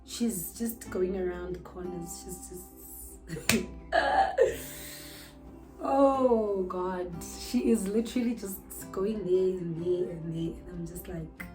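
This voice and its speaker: A young South African woman telling a storytime vlog with animated, outraged bursts. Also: on the low side, measured pace, few pauses, music in the background, low-quality recording. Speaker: vlogger.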